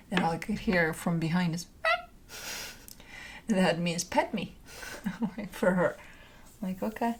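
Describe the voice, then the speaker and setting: A woman's voice: fairly low pitch, vocal fry. A woman host chatting casually and talking baby talk to her pets, with frequent laughter and a doting manner. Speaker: tarot reader host. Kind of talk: casual chat.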